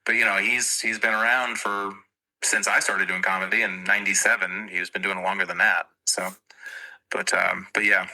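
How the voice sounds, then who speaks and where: Bright-voiced wry male comedian. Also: deep voice, little pitch movement, normal speed, low-quality recording. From near Boston. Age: middle-aged. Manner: wry, self-deprecating storyteller. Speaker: guest comedian. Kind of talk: casual podcast chat.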